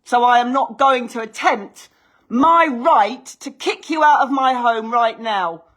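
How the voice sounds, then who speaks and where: Woman, indignant, sarcastic, insistent, raised pitch, indoors at home. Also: measured pace, fairly bright tone. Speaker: homeowner confronting bailiffs and police. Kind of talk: heated argument filmed at home. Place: hallway and kitchen of a house, indoors.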